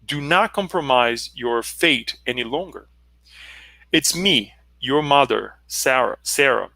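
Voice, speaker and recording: A man reading the lines of a loving spirit mother who pleads gently with her lost son. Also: medium pitch, animated, slow pace, creaky, dry recording, exaggerated voice. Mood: tender pleading. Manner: gentle, pleading, read aloud from a book.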